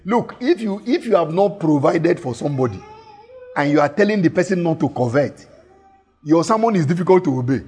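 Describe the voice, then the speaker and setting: A man's voice: on the high side, animated, brisk, darkish tone. A man preaching a teaching sermon, repeating key phrases and putting questions to his listeners.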